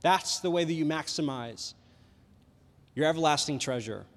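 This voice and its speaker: A man with a high voice preaches a casual youth sermon. He talks in an animated, rambling way and says "like" constantly. His voice rings through a large, reverberant church hall. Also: normal speed. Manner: animated, rambling, heavy use of "like".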